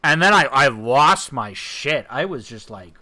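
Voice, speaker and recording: A man's voice: medium pitch, a little slow. A man chatting casually while playing a video game, telling a rambling anecdote with restarts and swearing. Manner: excitable storyteller, many restarts and swearing. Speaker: let's play co-host.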